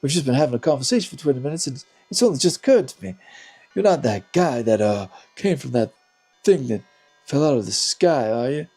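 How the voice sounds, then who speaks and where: A man voicing a loud male tavern barkeep in a game, with an attempted drawl in the style of a famous singer. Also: medium pitch, expressive, fairly quick, slightly rough, faint music behind, voice pushed up. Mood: boastful.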